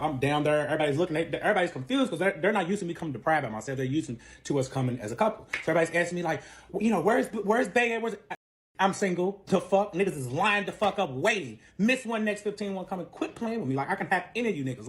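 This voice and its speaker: Fast, high-voiced man telling a wild story. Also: animated, husky. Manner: profane, dramatic, acts out quotes. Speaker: storyteller in a clip. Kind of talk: animated storytelling.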